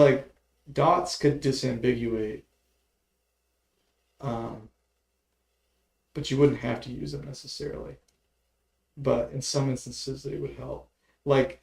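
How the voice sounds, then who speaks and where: A man's voice: medium pitch, gravelly. A man casually talking through music notation on a livestream, mumbling and thinking aloud as he works. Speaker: music producer streaming his work.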